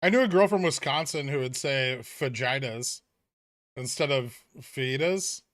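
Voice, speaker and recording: A man chatting casually on a trading livestream, with a fairly high, bright and forceful voice. He rambles loosely, dropping dry sarcastic jokes and filler words. The sound is close and dry, with no room echo. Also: normal speed. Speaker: streamer host of a stock trading livestream.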